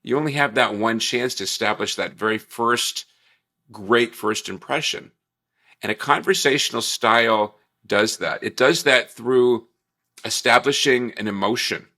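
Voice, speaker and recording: A man trainer talks through a recorded morning lesson in a bright, forceful voice. He keeps it upbeat and chatty, tossing in jokey asides. The sound carries the bounce of a bare room with glass walls and a marble floor. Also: mid-range voice, a little slow. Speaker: workplace trainer.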